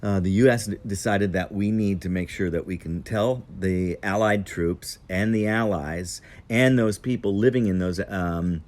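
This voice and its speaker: Low-voiced man telling a rambling story. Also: darkish tone. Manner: meandering, digressive, unhurried. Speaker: travel storyteller. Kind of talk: casual storytelling. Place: outdoor patio.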